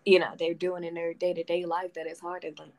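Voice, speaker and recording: A woman with a slightly low voice hosts a casual interview. She asks curious, loosely phrased questions and fills her speech with casual fillers. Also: level tone, a little fast, gravelly, poor audio. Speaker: podcast host.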